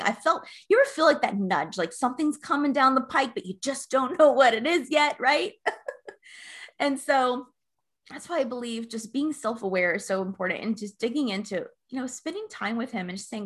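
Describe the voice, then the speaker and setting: Earnest, animated woman life coach. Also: on the high side, normal speed. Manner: earnest, animated storyteller with frequent laughs. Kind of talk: casual podcast interview.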